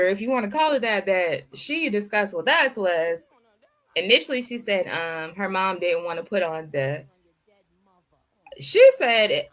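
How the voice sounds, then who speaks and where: A woman's voice: medium pitch, fairly bright tone. A woman hosting a reaction video, giving blunt, sassy commentary full of rhetorical questions. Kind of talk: casual commentary.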